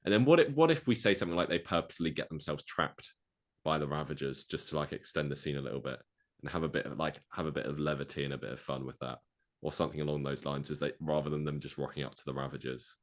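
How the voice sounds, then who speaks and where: A man co-hosting a podcast, rambling through a movie plot pitch with lots of fillers and acted-out quotes. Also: fast talker. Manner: rambling, filler-heavy, acts out quoted lines. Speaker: podcast co-host.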